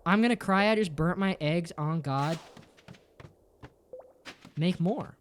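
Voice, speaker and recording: Casual livestream chat, jokey, swearing, says bro constantly, voice swinging high and low, medium pitch. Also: slow pace, slight background noise. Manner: swears often and ends sentences with "bro"; playful and jokey, with big jumps up and down in pitch. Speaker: streamer.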